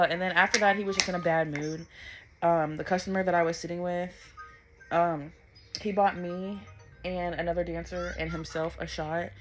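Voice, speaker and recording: A woman's voice: on the low side, level tone, moderate pace, soft background music. A woman, chatting casually to camera in a vlog, blunt and swearing freely. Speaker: vlogger.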